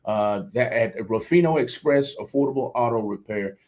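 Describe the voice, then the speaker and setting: A man's voice: medium pitch, moderate pace, darkish tone, poor audio. A man hosts a local radio show. His talk is folksy and loose, and he repeats phrases as he goes.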